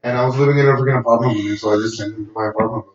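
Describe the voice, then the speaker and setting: A man in a casual podcast chat, relaxed and full of fillers. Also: mid-range voice, racing, slight background noise. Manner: relaxed, filler-heavy, says "like" a lot. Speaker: podcast co-host. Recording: roomy, distant, dull lo-fi sound.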